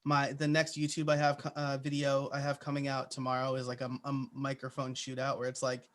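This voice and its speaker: A man's voice: medium pitch, monotone, fairly quick, few pauses, fairly bright tone. A man answering interview questions in a casual, chatty way, with plenty of "uh" and "like" fillers. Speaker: podcaster guest.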